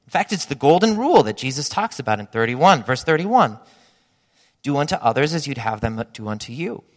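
A man preaching a sermon, animated and acting out imagined voices of his listeners. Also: mid-range voice, fairly quick, long reverb tail. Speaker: pastor.

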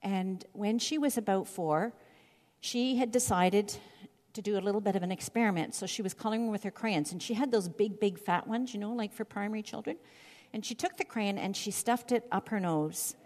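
A middle-aged woman giving Bible teaching, reading scripture aloud and telling stories in an expressive way. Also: medium pitch, moderate pace. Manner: expressive, storytelling delivery. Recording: long hall reverb.

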